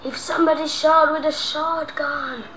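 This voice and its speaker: Excitable high-voiced woman gaming. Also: moderate pace, slight background noise, poor audio. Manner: excitable, shouts and whispers under stress, talks to viewers. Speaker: gaming YouTuber. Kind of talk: live horror game commentary.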